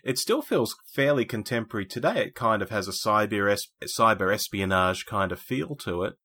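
A man speaks calmly and plainly in a casual film discussion. His voice sits low but has a bright, sharp edge. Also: brisk. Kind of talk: casual chat.

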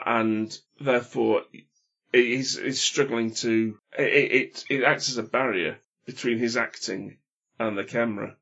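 A man's voice: mid-range voice, fairly bright tone, husky. A man chatting casually about films, opinionated, often stopping and restarting his sentences. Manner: hesitant, many restarts, opinionated. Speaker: film podcast panelist. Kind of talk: casual chat. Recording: dull lo-fi sound.

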